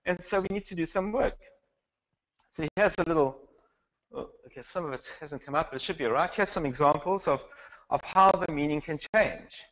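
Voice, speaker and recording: His voice leans high with a fairly bright tone as this South African man runs a Bible class conversationally. He asks the class questions and often starts his sentences over, though the audio quality is poor.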